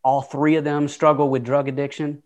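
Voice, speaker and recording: A man's voice: on the high side, level tone, moderate pace, darkish tone. A man in his twenties from Atlanta with a Southern accent, telling his life story earnestly as an interview guest. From Atlanta, USA. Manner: open, earnest, conversational with fillers.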